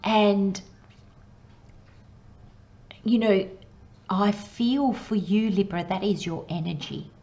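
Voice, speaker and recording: A woman giving a casual tarot reading, excitable and rambling, with frequent laughs and soft asides. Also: mid-range voice, gravelly, lo-fi sound. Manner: excitable, rambling, laughs often, sometimes drops to a whisper. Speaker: tarot reader.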